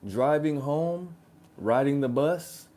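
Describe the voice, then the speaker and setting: A man's voice: fairly high pitch, slow. A man hosting a reaction video, giving slangy, sarcastic relationship advice and calling the listener "bro.". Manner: slangy, ranting, keeps saying "bro"; animated, sarcastic mocking. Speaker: reaction channel host.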